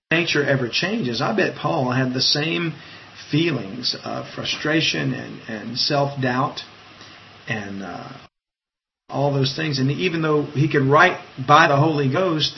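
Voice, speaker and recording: Casting note: man giving a casual live-streamed Bible talk, halting and chatty, slightly dull sound with faint noise. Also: mid-range voice, gravelly. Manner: conversational, halting, with many fillers and restarts. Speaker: preacher leading an online Bible study.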